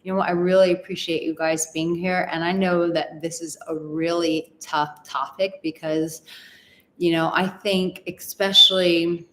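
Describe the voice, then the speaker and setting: A woman's voice: lowish voice, little pitch movement, unhurried, a bit bright, slight background noise. A woman from Texas, a relationship coach in her thirties, hosting a live stream where she reads viewer comments aloud and answers them in an earnest, chatty way. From Texas, USA. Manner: earnest and chatty, with frequent fillers and laughs. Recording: roomy echo with faint ambience.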